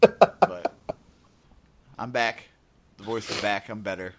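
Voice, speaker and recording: Male podcast co-host, low-pitched, slightly raspy, casual animated storyteller. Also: slow pace, noisy background. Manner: animated storyteller acting out dialogue. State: slightly raspy after a sore throat.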